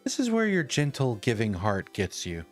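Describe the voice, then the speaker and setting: A man voicing a cheery, teasing star-like game companion in a raised, bright voice. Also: medium pitch, wildly swooping pitch, moderate pace, soft background music.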